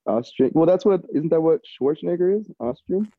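A man's voice: fairly high pitch, lively intonation, brisk, dry recording, narrow, tinny audio. A man as a podcast guest, laid-back and hesitant, laughing as he goes. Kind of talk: casual podcast banter.

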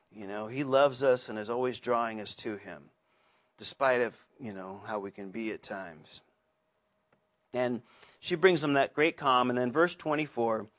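A man teaching a Bible study in a chatty, earnest way, full of asides and restarts. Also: medium pitch. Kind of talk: conversational sermon.

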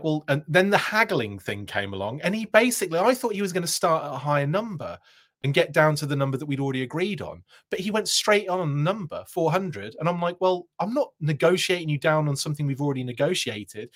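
A man hosting his own live show, spinning a long, rambling anecdote. His pitch climbs and dips all over the place as he gets caught up in the story. He laughs often and keeps restarting his sentences. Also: a bit bright. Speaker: host.

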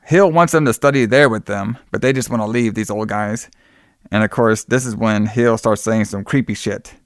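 A man's voice: fairly low pitch, moderate pace, no room sound, clean studio sound. A man co-hosting a podcast, recapping a horror film in casual, profane, rambling chat. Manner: rambling, profane, acts out quotes. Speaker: podcast co-host.

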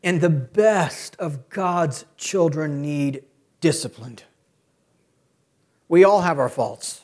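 A middle-aged man preaching a sermon as a pastor. He often builds to loud, emphatic peaks. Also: a little high, slow pace.

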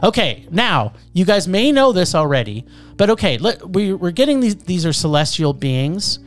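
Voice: medium pitch, sing-song, moderate pace, soft background music. A film reviewer ranting in casual chat, swearing and talking over the others as they list what annoyed them. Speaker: movie reviewer.

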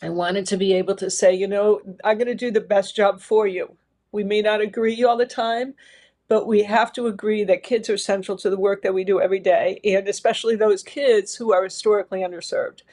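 A woman's voice: medium pitch, steady tone, a little fast, darkish tone. A middle-aged woman, an education leader, telling her personal story in an interview in an earnest, reflective way, with long winding sentences.

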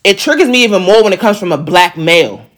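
A woman's voice: on the low side, expressive, quick pace. Emphatic woman telling a story in slang. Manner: emphatic, slangy, addresses viewers directly. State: on the verge of tears. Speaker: vlogger telling a personal story. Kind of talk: casual storytelling to viewers.

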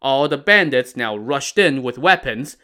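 A man's voice: mid-range voice, animated, measured pace, bright, forceful tone. A man narrating a classic tale in a casual, wry style with modern slang. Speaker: storyteller.

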